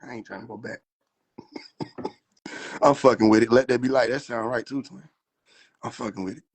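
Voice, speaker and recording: A man's voice: mid-range voice, fairly even intonation, moderate pace, slight background noise. A man riffing in a casual livestream, profane, slangy and laughing often. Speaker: livestream host.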